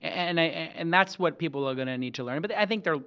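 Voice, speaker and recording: A man hosting an interview show, chatting in an animated, playful, joking way. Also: fairly high pitch, fast talker, smooth, highs cut off. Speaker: podcast host. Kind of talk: casual interview talk.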